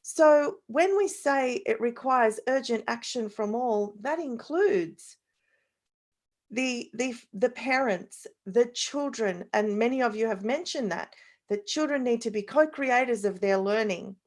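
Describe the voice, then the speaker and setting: A woman's voice: on the high side, measured pace. A woman with an Australian accent, speaking as a panelist in an online discussion, earnest and structured. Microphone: video call.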